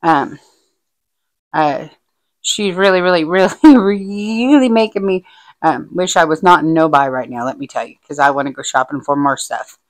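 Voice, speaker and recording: A woman vlogging casually about her diamond painting progress, gushing and excited, with many ums and likes. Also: deep voice, normal speed, low-quality recording. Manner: gushing, excitable, lots of fillers. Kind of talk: casual show-and-tell vlog.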